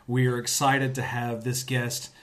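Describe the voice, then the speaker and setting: A man hosting a relaxed podcast chat, with a voice of ordinary middle pitch. He jokes a lot and puts on a grand, mock-formal tone when he introduces guests. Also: unhurried. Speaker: podcast host.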